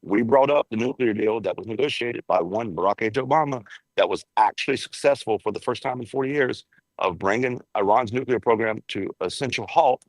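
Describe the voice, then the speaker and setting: A man's voice: mid-range voice, brisk, dry recording, low-quality recording. A man working as a Washington correspondent, giving blunt, emphatic political takes.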